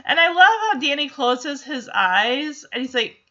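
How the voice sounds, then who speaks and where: A woman's voice: high voice, sing-song, unhurried, sharp tone. A woman casually recapping a sitcom episode, animatedly acting out the characters' lines and laughing as she goes. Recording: dull lo-fi sound.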